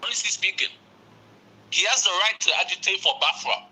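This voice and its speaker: Blunt British-Nigerian caller on a phone line. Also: male voice, high voice, fast talker, pushed and bright, breathy edge. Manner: blunt, emphatic.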